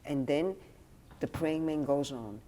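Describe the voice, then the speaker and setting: A woman's voice: sits low, slow, warm tone, a little hiss or hum. A middle-aged woman scholar talking in a thoughtful interview, reflective and acting out quotes, with many "you know" fillers. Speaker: guest scholar.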